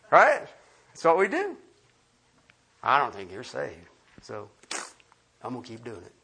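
A man's voice: sits high, a bit bright, slightly rough. A man preaching a sermon as pastor, emphatic and quizzing the congregation with questions.

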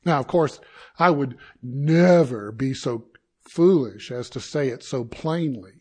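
Slow, deliberate preaching man. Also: medium pitch, darkish tone, slightly rough. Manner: slow, deliberate preaching with dramatic pauses and sudden rises. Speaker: pastor. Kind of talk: sermon.

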